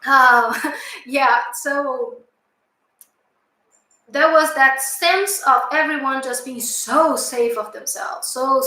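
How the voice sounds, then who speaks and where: High-voiced woman in an echoey room. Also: sharp tone. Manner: hesitant, lots of fillers and restarts, earnest. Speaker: channel host recounting a past-life memory. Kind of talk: casual storytelling.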